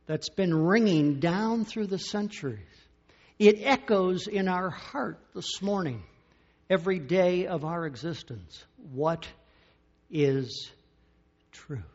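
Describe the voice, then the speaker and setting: Slow, dramatic preacher man. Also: sits high, lo-fi sound. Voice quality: slow, dramatic delivery with big swings in loudness and long pauses. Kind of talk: sermon.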